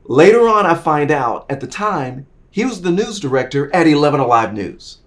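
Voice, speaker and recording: A middle-aged man telling his career story in an interview, acting out the people in it and swinging from quiet asides to loud, excited bursts. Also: moderate pace. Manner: animated, acts out dialogue, swings from low asides to loud bursts. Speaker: interview guest.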